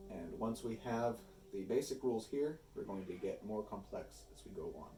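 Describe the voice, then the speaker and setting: A man's voice: lowish voice, lively intonation, moderate pace, warm tone, roomy sound, distant mic, faint music behind. A man patiently explaining old verse rules step by step, with small restarts. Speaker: reenactor teaching poetry. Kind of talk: explanatory lesson.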